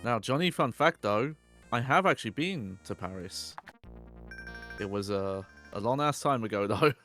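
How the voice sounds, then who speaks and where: A man co-hosting a casual game playthrough, relaxed, telling little stories with a laugh. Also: mid-range voice, moderate pace. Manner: relaxed, tells anecdotes with small laughs. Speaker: game commentator, co-host. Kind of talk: casual let's-play commentary. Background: game music.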